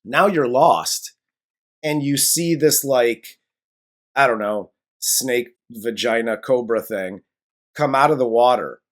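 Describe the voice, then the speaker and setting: A man's voice: mid-range voice, slow pace, a bit bright. A man co-hosting a casual movie review podcast, sarcastic and profane, acting out scenes with mocking voices. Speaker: podcast co-host.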